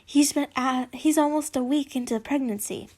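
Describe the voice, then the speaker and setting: A woman's voice: high-pitched, normal speed, a little mellow, natural voice. A woman reading the lines of a shocked teenage wizard boy in a casual fan-fiction read-aloud, near her own voice.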